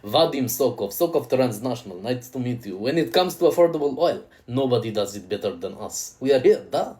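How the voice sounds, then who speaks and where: Man doing a smooth-talking Russian oil salesman, put-on Russian accent, low and sly, mellow. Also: expressive, a little fast, close to an everyday voice.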